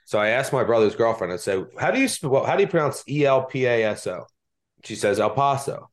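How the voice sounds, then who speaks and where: This podcast host talks fast in a mid-range voice with big swings in pitch. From Delaware County, Pennsylvania, he carries that Philadelphia-area accent and runs a sports betting show in a chatty, self-mocking manner.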